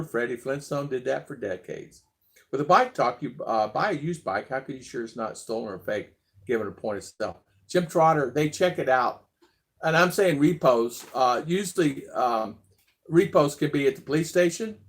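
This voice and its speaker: Man, live-stream vlog host, casual rambling chat, reads comments aloud, frequent laughter. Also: mid-range voice. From abroad, living in the Philippines. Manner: rambling, chatty, laughs often.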